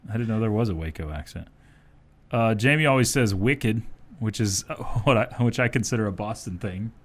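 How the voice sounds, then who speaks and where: A man's voice: on the low side, a little fast. Easygoing man hosting sports radio. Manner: easygoing, chuckles often while talking. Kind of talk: casual sports talk. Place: radio studio.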